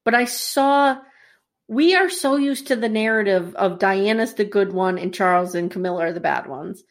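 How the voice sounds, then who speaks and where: A woman casually chatting as a podcast co-host, telling the story in an animated way and acting out quotes. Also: mid-range voice, normal speed. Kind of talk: casual chat recapping a TV series.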